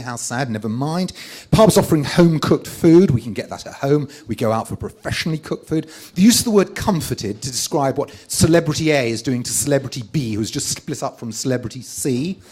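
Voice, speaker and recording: A man's voice: medium pitch, darkish tone, slightly rough. Sardonic man reading complaints live. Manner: dry, sardonic list of complaints. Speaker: author reading from his book. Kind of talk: live stand-up reading of a list. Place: live comedy event before an audience.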